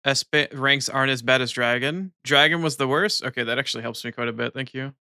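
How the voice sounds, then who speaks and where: A man's voice: mid-range voice, quick pace, sharp tone, clean tone, dry recording, studio quality. A young American man chatting casually on a live stream, reading chat aloud and laughing often.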